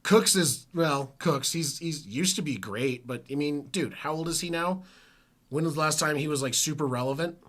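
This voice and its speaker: A man's voice: on the high side, normal speed, a bit bright. A man hosting a live football reaction stream from home, talking casually in a rambling, self-correcting way. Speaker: sports stream host.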